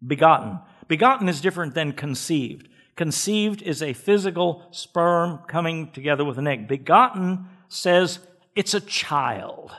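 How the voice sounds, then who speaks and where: Male pastor, emphatic sermon delivery, somewhat high-pitched voice, repeats words for weight. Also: expressive, a little slow, a bit bright. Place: church.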